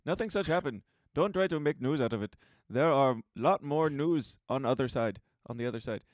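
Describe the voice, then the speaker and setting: A man's voice: mid-range voice, lively intonation, a little fast, dry recording, clean studio sound, natural voice. A man voicing an insistent male online commenter, with a put-on Indian English accent and clipped, broken phrasing. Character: indignant male online commenter defending someone.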